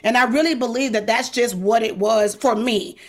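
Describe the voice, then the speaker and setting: A middle-aged woman, her voice sitting a little high. She talks candidly and emphatically in an interview. She slips into quick quoted voices to make her case. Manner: emphatic, outspoken, animated with quoted asides. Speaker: podcast host, guest.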